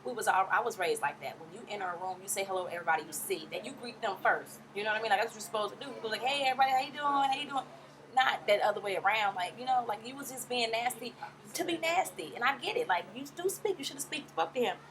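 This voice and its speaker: A woman giving a fast, sassy, casual recap and acting out quotes in different voices. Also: medium pitch, expressive, a bit bright, a little hiss or hum. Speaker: recap vlogger.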